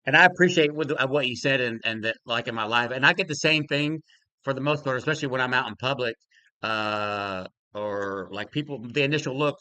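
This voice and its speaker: A man's voice: mid-range voice, brisk, pushed and bright, smooth, no echo. An older man hosting a casual live-stream talk show, easygoing and chuckling, loose with fillers. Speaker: podcast host taking callers.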